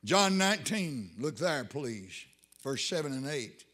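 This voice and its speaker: A man's voice: medium pitch, big pitch swings, a little slow, sharp tone. A man preaching a sermon in an emphatic, rising style, with folksy Southern grammar.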